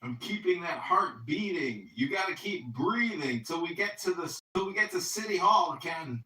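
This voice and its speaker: A man with a fairly high voice speaks at a normal pace in an animated way, though the recording is rough, reverberant, and far from the mic. He's a podcast host and political candidate running a casual chat on an audio app, greeting loudly and staying upbeat while talking in slogans.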